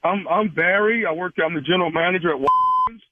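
A man's voice: high voice, fast, no echo, voice pushed up. A man playing a polite store manager making a phone call, hesitant and apologetic, on a phone line. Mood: calm.

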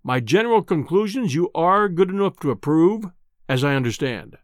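A man reading an audiobook, voicing a domineering, insolent bearded professor with a rumbling, scornful voice. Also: expressive, normal speed, no room sound, clean studio sound, natural voice.

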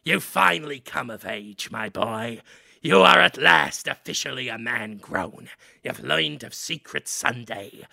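A man voicing a sinister, gloating rat-man father, low and slow. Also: expressive, gravelly, bright, forceful tone, no echo, clean studio sound, exaggerated voice. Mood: menacing.

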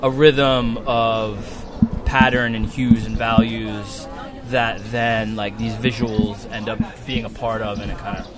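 A man's voice: lowish voice, slow, loud music behind the voice. Rambling Long Island man outdoors. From Long Island, New York. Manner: relaxed, rambling, many fillers and restarts. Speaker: muralist guest. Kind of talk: casual interview. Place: outdoors at a wall being painted.

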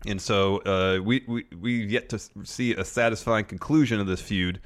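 A man's voice: on the low side, fairly even intonation, normal speed. A man co-hosting a casual podcast, recapping in a dry, matter-of-fact way, recorded in a room at home. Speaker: podcast co-host. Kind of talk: casual chat.

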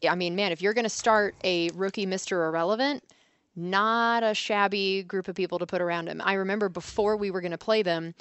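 A woman's voice: mid-range voice, steady tone, fairly quick, clean tone, no room sound. A woman co-hosting a casual sports chat, analytical and candid. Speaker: sports podcast co-host.

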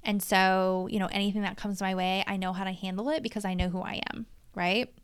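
A woman's voice: mid-range voice, steady tone, a little fast, clean tone, dry recording. A middle-aged woman hosting her own solo podcast, talking casually and with energy as a coach, swearing freely.

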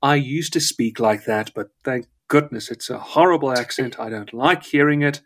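A man's voice: mid-range voice, normal speed, a bit bright. A man from South Africa who speaks with a schooled English accent, a guest telling rambling stories in casual live-show chat. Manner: rambling, wordy storyteller.

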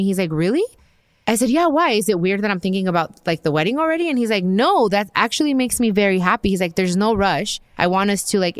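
A woman's voice: lowish voice, dry recording, studio quality. A woman in her thirties hosting a podcast, telling a personal story in a casual, chatty way with lots of fillers and quoted dialogue. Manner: chatty, lots of fillers and restarts, animated quoting. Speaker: podcast host.

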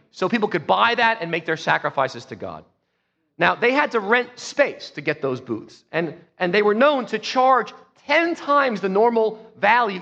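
A man preaching a sermon as pastor, telling the story emphatically and swinging between soft and loud. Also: high-pitched, big-room sound. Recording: dull lo-fi sound.

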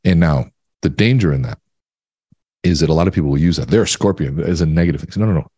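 A man with a husky, very low voice shares stories and ideas in a podcast interview. His manner is emphatic and reflective. The recording is dry and close. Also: quick pace, warm tone, dry recording. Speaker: podcast guest. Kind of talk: conversational interview.

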